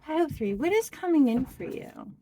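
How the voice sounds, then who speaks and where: A woman doing a pick-a-card tarot reading, speaking to the viewer in a slow, heartfelt and expressive way. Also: high voice. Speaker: tarot reader.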